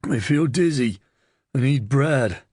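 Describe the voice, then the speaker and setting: A man's voice: medium pitch, animated, slow, darkish tone, slightly rough, dry recording, clean studio sound, voice pushed up. A man voicing a cowardly male prisoner who whines and pleads for mercy in an audiobook. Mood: whining. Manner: whining, pleading.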